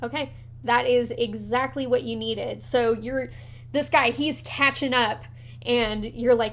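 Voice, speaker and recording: A woman narrating as game master of a tabletop horror game, animated and quick to swear. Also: a little high.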